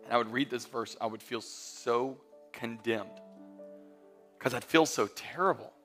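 A man in his thirties preaching a sermon as pastor, emphatic and building to loud peaks, mixing in humorous stories. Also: mid-range voice, measured pace, soft background music. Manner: emphatic, rising to near-shouting peaks; storytelling with humor and quoted voices.

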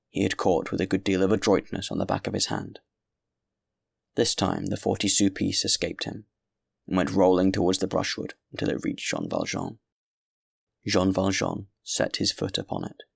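A very deep, gravelly male voice reads a classic novel in a measured, grave way. The sound is dry and close, with no room around it. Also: dry recording. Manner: measured, grave literary reading. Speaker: audiobook narrator. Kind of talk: scripted narration.

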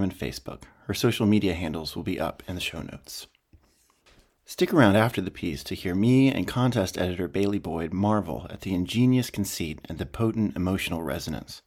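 A man with a very low voice introduces a podcast episode from a script. His delivery is dry and wry, the way a managing editor presents the show. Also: darkish tone.

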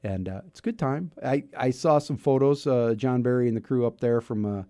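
Middle-aged male talk radio host, warm low-key tone, rambling and self-deprecating. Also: brisk, no echo, clean studio sound. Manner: chatty, self-mocking, rambling with restarts. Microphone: studio mic.

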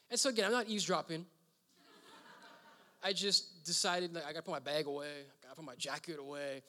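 A man's voice: a little high, steady tone, brisk, long pauses, bright, forceful tone. A man preaching as pastor in a church hall, telling a story in a loose, conversational way with frequent "uh" fillers. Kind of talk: sermon storytelling. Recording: reverberant hall.

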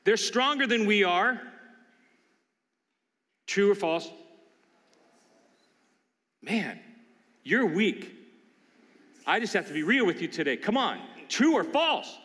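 A man's voice: sits high, sing-song, slow pace, long pauses, fairly bright tone, in a large hall. A man preaching a sermon, emphatic and questioning his listeners as he reads and explains scripture. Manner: emphatic, asks the congregation questions. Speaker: pastor.

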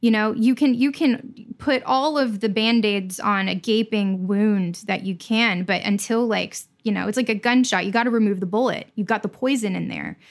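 Give me an earnest woman guest on a podcast, intense and open, at a medium pitch. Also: vocal fry. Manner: earnest, intense, speaks in rushing bursts. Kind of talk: candid podcast conversation.

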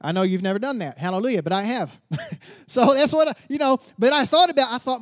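A male pastor delivering a sermon in a high, bright voice. He tells stories casually, then drops to hushed asides before rising to loud, emphatic declarations. The sound is dry, with no room echo. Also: fast.

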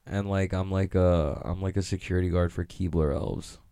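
Young male comic, casual rambling stand-up, deep dry voice, cursing freely. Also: fairly even intonation, normal speed, dark tone, clear, resonant tone, no echo. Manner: rambling, profane, self-mocking, laughs often. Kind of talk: casual comedic monologue.

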